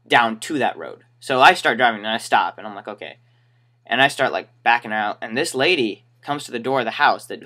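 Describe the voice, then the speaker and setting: A young man who works in a retail shoe store tells stories to camera for a casual vlog, rambling and wry while acting out the people he describes. His voice is mid-range with a sharp tone.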